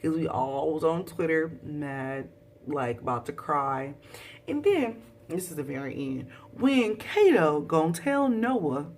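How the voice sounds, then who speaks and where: A young woman, recapping a TV show in a casual, dramatic vlog with high exclaims. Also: expressive, unhurried, darkish tone, distant mic, slight background noise. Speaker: vlogger.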